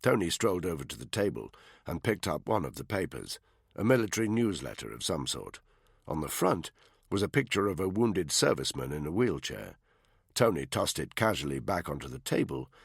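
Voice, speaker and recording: A man reads a thriller audiobook in a measured, expressive style. His voice is very deep and gravelly with a husky grain, and lively in pitch. The sound is close and dry. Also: no echo. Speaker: audiobook narrator. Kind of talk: scripted narration.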